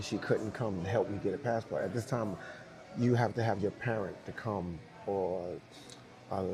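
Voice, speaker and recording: A man telling a story from his dance career in a casual interview, acting out the voices of people in it and laughing often. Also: on the low side. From New York. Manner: animated, acts out dialogue, laughs often.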